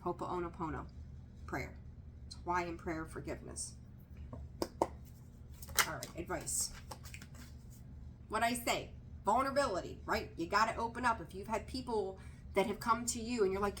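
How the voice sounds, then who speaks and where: A woman's voice: mid-range voice, lively intonation, normal speed, long pauses, fairly bright tone, slight background noise. A woman giving a casual tarot reading to camera, direct and emphatic, repeating her key points and dropping candid, slightly profane asides. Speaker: tarot reader.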